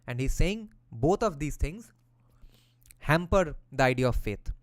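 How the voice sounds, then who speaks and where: A man's voice: on the high side, animated, unhurried, no room sound. A man who reads passages from a philosophy text aloud and explains them in a casual way, using slang and the odd swear word.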